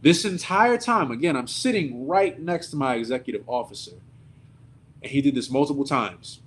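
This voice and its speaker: A man preaching at a service, telling a story in an animated, indignant, conversational way. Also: medium pitch, moderate pace, slight background noise. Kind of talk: sermon storytelling.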